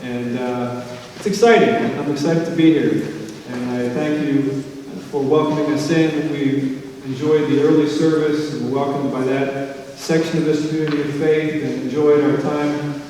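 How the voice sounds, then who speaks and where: A man's voice: a little high, fairly even intonation, moderate pace, mellow, a little hiss or hum. A male pastor giving a sermon in a church, greeting the congregation with light joking asides before reading scripture and praying. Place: church sanctuary. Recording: echoey church from far off.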